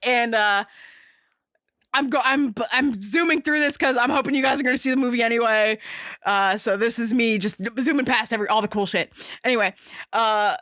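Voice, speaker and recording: A young woman hosting a podcast, casually and excitedly retelling a movie scene with lots of swearing and fillers. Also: on the high side, brisk, no echo, studio quality. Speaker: podcast host.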